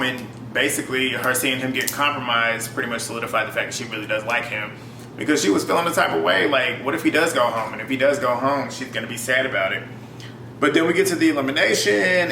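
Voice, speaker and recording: A young man talks through a reality show episode in a loose, animated way, laughing and cursing as he goes. His voice is bright and forward. The room is echoey, with a faint hum behind him. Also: medium pitch. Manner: animated, laughs often, swears freely. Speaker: YouTube reality TV reviewer. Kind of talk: casual recap commentary.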